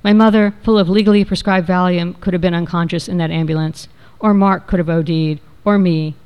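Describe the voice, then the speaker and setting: A woman reading a first-person memoir aloud in a measured, reflective way. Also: fairly low pitch, fairly even intonation, clear, resonant tone, lo-fi sound. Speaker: narrator.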